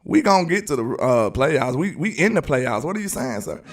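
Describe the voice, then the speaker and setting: A man's voice: a little high, big pitch swings, moderate pace, distant mic, soft background music. A man with a Southern US accent hosting live sports commentary, arguing emphatically and repeating his points. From Alabama, US. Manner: argumentative and emphatic, repeats phrases. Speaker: sports channel host.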